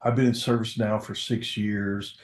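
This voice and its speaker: A man's voice: fairly low pitch, flat delivery, normal speed, echoey room. A man presenting a corporate webinar as a product success manager, speaking casually and conversationally with frequent filler words.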